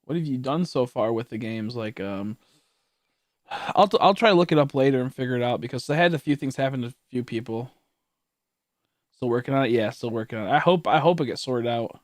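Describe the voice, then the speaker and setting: A man's voice: medium pitch, animated, fairly quick, dry recording, clean studio sound. A man in his late twenties, a streamer chatting casually to his viewers, rambling with lots of laughs, swearing and stammered restarts. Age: late 20s. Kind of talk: casual livestream chat.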